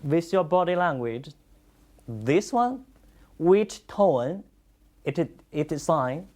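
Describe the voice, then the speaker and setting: A Chinese language teacher, a native Chinese speaker, teaching a class in English with steady praise and repetition. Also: mid-range voice. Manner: slow, encouraging, repeats lots of praise. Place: classroom with students.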